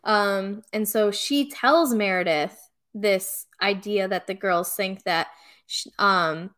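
A woman's voice: medium pitch, slow, a bit bright. A woman co-hosting a podcast, chatting casually and animatedly, laughing often and acting out other people's lines. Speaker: podcast co-host. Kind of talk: casual chat recapping reality TV.

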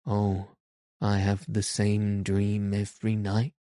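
A man reading the lines of a frightened, homesick little orphan girl in a soft, plaintive way. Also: on the low side, completely flat delivery, slow, no room sound, studio quality.

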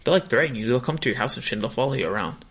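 A man's voice: mid-range voice, expressive, rapid-fire, a bit bright, breathy edge. A young man hosting a podcast, chatting casually and telling a rambling story full of slang and swearing. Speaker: podcast host. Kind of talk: casual chat.

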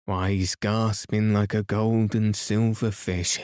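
A kindly, ponderous working husband speaks in a low, unhurried voice, read by a male narrator. Mild and plain, with a dry, close sound. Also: little pitch movement, darkish tone, clear, resonant tone, no echo. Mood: mild, puzzled. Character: slow, good-natured burly carrier husband.

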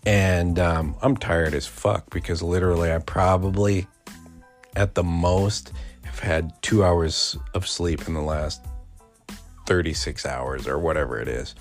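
A man's voice: deep voice, steady tone, a little slow, soft background music. A man in his forties hosting a podcast, telling a rambling, profane story and laughing as he goes. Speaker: podcast host. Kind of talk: casual storytelling.

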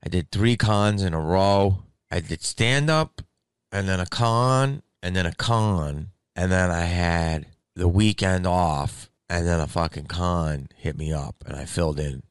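A comedian, currently sick with covid, telling a rambling, heavily profane story in a casual monologue. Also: male voice, low-pitched, a little slow, clear, resonant tone, dry recording. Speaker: stand-up comedian.

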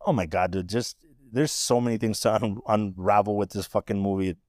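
A man's voice: fairly low pitch, fairly even intonation, fairly quick, darkish tone, no room sound. A man co-hosting a podcast in casual chat, emphatic and profane, speaking with emotion. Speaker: podcast co-host.

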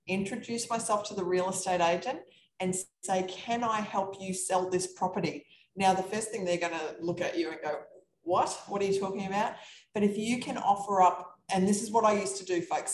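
A woman coaching real estate investors, talking in a lively, animated way on a live podcast chat over a video call. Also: mid-range voice. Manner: energetic, animated storytelling. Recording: echoey room with faint background noise.

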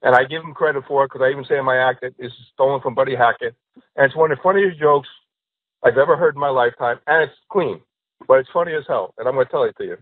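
Comedian guest, male, rambling joke-teller, rapid and a touch husky, phone-thin. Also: mid-range voice, no room sound. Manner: rambling, repeats "you know". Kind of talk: casual chat and joke telling. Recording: tinny phone-like line, dry.

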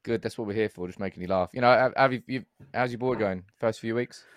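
Fast-talking bloke telling stories. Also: male voice, fairly low pitch, no room sound. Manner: animated storyteller, swears freely. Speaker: podcast co-host. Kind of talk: casual banter, anecdote telling.

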